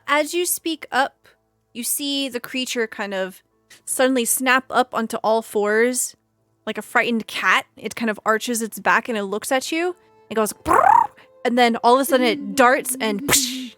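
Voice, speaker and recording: A woman's voice: a little high, soft background music. Woman narrating as a tabletop game master. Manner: quick, lively narration with many fillers.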